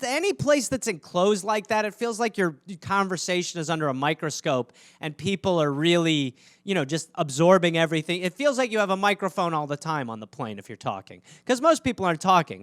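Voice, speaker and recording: A man's voice: fairly high pitch, animated, a little fast, a bit bright, no echo. A man hosting a comedy podcast, rambling through a profane monologue with lots of fillers.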